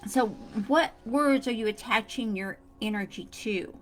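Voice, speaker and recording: A woman talks straight to camera in a casual motivational tutorial, earnest and repeating her points. Her voice sits a little high. Soft music plays faintly beneath her. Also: a little slow. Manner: earnest, repetitive, speaks straight to the viewer. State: coughing fits. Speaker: self-help vlogger.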